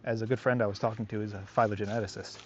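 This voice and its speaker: A man's voice: on the low side, little pitch movement, racing, a little mellow, lo-fi sound, a little hiss or hum. A man working as a dog trainer, talking casually to the camera on an outdoor walk, rambling and reflective with many fillers.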